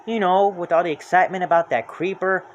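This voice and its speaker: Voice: medium pitch, steady tone, quick pace, a little hiss or hum, natural voice. Reader putting on a friendly carnival worker man, casual, matter-of-fact.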